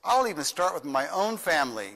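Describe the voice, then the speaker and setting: An older man leads his congregation as their pastor, folksy and playful, with a bright, forceful voice pitched a little high. His words ring in a long church reverb, with soft guitar behind him. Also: sing-song, brisk. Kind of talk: children's song and church announcements.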